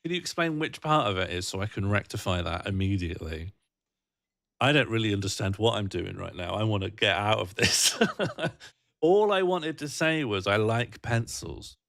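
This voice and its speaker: A man's voice: fairly low pitch, expressive, normal speed, vocal fry, fairly bright tone, dry recording, studio quality. A British man hosting a livestream, chatting casually and reading out viewer comments in a rambling, jokey, self-mocking way. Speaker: livestream host.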